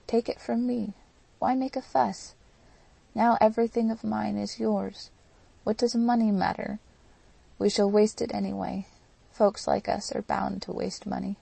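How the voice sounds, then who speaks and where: A woman's voice: mid-range voice, vocal fry, warm tone, no echo, poor audio. A woman voicing an impassioned young woman in an audiobook, pleading and emotional.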